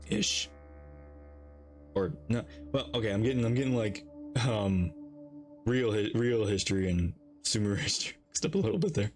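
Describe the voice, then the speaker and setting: A man's voice: fairly low pitch, expressive, moderate pace, pauses often, faint music behind. A man streaming a game reaction, chatting playfully and rambling as he goes. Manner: playful and rambling, reads lines along. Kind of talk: casual reaction commentary.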